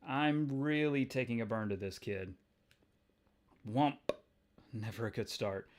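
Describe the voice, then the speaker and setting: Man, comic book review host, excitable, rambling, nerdy. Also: medium pitch, measured pace.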